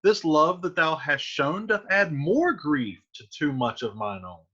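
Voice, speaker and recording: A man's voice: on the high side, sing-song, measured pace, sharp tone, breathy edge, exaggerated voice. A man voicing Romeo, a lovesick, brooding young man, reading Shakespearean verse aloud in a lo-fi recording. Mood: sorrowful.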